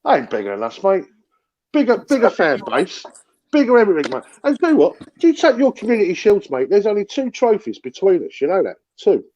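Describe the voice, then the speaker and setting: A man's voice: high voice, wildly swooping pitch, a little fast, warm tone, highs cut off, slight background noise. A man, a Chelsea fan trading heated football banter on a livestream, mocking and combative, swearing and calling everyone "mate". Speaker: guest pundit, Chelsea fan.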